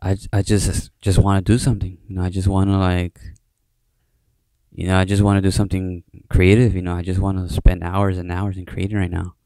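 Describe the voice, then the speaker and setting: A young man hosts a late-night solo podcast, rambling casually in a low, gravelly, mellow voice with a fairly flat delivery. He talks fairly quickly, swears heavily, and keeps falling back on "you know" and other fillers. The sound is close and dry, with no room sound.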